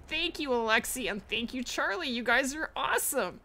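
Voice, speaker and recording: Bubbly lively woman streamer. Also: high-pitched, moderate pace, hardly any pauses. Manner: chatty, reads and thanks viewers. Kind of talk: live gameplay stream chat.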